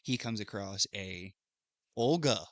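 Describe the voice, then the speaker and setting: A man's voice: on the low side, lively intonation, slow, no echo. A man co-hosting a podcast, casually retelling a video game plot in a loose, rambling way with plenty of fillers. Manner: loose storytelling recap, thinks aloud with fillers. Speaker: podcast co-host recapping a game. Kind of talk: casual chat.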